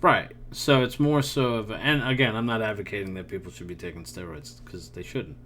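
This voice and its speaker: Rambling man with a lowish voice. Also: brisk, a bit bright. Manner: rambling, laughs often, trails off. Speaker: podcast co-host. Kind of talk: casual chat about baseball.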